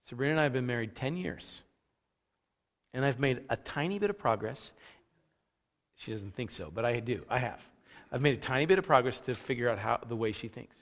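A man preaching a conversational sermon, casual and animated, acting out the thoughts he quotes. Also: mid-range voice, a little fast, long pauses. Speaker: pastor. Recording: long reverb of a large hall.

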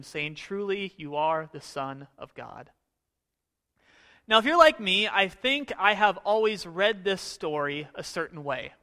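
A man with a high, bright voice delivers a sermon in a relaxed, conversational way. He poses question after question and sometimes acts out the voices in the story. His voice carries a long echo from a large hall. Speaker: pastor. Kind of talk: sermon with scripture reading.

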